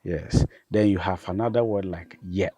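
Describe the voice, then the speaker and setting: A man, a pastor, patiently explaining vowel sounds and repeating each example word slowly. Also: deep voice, fairly even intonation, warm tone, breathy edge, dry recording. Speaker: pastor and language teacher.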